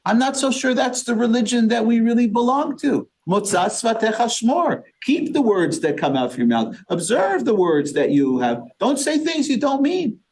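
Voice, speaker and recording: With an extremely high, sing-song voice and a darkish tone, this rabbi talks at normal speed and barely pauses, while a faint hiss or hum runs underneath. He's leading a small synagogue group in an interactive Torah class, quizzing them with questions and using Yiddish and Hebrew terms.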